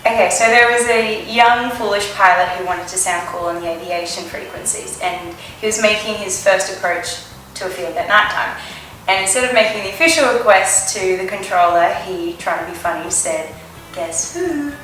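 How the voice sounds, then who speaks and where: A woman's voice: mid-range voice, normal speed. A woman with an Australian accent chats as a talk-show guest. She tells stories with energy and acts out the voices of the people in them. Faint music plays behind her. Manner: lively storyteller, acts out quoted voices. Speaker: actress on talk shows. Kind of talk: chatty anecdotes on talk shows.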